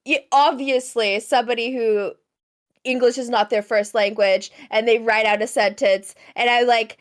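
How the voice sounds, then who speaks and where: A woman's voice: a little high, fairly even intonation, moderate pace. A woman co-hosting a podcast, chatting supportively with a guest and reading out viewer questions. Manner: supportive, reads chat questions aloud. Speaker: podcast co-host. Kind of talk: casual interview chat.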